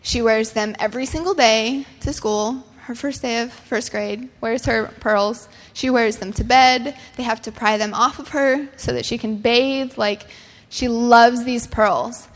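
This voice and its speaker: Young woman, sermon-style talk, higher voice, earnest storytelling, long hall reverb. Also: fairly even intonation, a little slow. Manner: earnest storytelling with casual fillers. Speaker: speaker.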